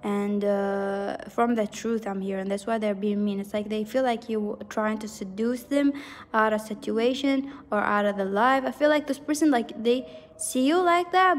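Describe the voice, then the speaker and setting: A woman with a fairly high voice leads a pick-a-card tarot reading, rambling and earnest, leaning on fillers and laughing often. Her voice sits in a long, echoey reverb. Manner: rambling, filler-heavy, with frequent "like". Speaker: tarot reader.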